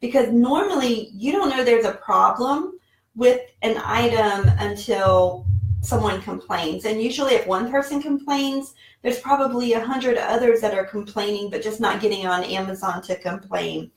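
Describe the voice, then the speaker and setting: In a relaxed talking-head vlog shot in her home office, a woman in her forties speaks at a moderate pace in a slightly high voice, rambling with lots of fillers. She's an online seller and vlogger, recorded on a distant mic with roomy echo.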